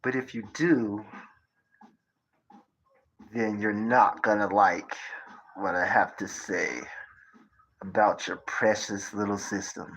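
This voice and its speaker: Thirties male streamer, unhurried drawl, rambling profane rants with rhetorical jabs at the audience. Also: on the low side, steady tone, fairly bright tone, rough recording. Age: 30s. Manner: profane, lecturing, conspiratorial, asks rhetorical questions. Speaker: livestreamer. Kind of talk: rambling livestream monologue.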